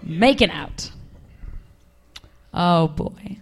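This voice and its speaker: A young woman doing a stand-up comedy set on a club stage, wry and deadpan with quick asides. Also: lowish voice, a little hiss or hum. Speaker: stand-up comic.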